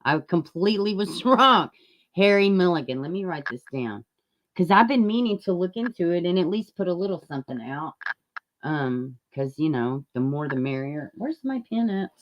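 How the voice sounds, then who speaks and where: Low-voiced chatty woman live streamer. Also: lively intonation, normal speed, highs cut off. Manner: rambling, chatty, laughs often, greets chat; occasional mic dropouts. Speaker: true-crime live streamer. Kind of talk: casual live-stream chat.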